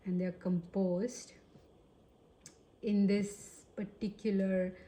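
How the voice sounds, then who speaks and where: Indian-accented woman tarot reader, slow and hesitant, mellow tone, roomy recording. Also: mid-range voice, little pitch movement. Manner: hesitant, searching for words with many fillers. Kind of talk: casual tarot reading to camera. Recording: roomy echo.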